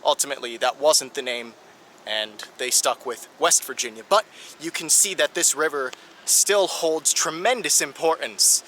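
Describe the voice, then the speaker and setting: Male travel vlogger, keen tour-guide delivery, higher pitch, crisp, a faint hum behind. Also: normal speed, bright, forceful tone. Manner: enthusiastic, guide-like explaining. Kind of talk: travel vlog narration.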